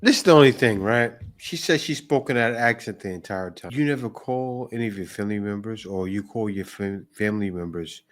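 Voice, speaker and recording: A man's voice: fairly low pitch, brisk, few pauses. A man hosting a reaction show, commenting on a clip in a skeptical, lecturing way. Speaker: host reacting to videos.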